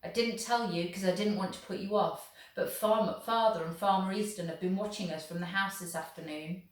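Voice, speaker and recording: Earnest teen farm boy read by a woman, gentle, soundin far from the mic in an echoey room. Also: mid-range voice, steady tone, fairly quick, natural voice. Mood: tender. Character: fifteen-year-old farm boy, eager and fond.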